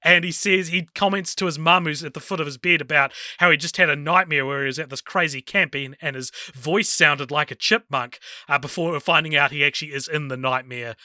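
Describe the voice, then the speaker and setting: A man co-hosting a film podcast who recaps scenes in a casual, amused way, laughing often and pausing on fillers. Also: fairly high pitch, bright, forceful tone, no echo, clean studio sound. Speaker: podcast co-host. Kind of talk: casual film review chat.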